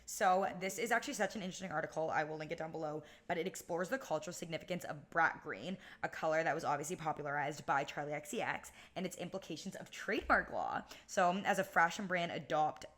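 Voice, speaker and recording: A woman's voice: low voice, fast, few pauses, fairly bright tone. A young woman co-hosting a casual podcast as a law student, chatty and upbeat, with a lot of "like" in her speech. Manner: chatty, upbeat, heavy use of "like".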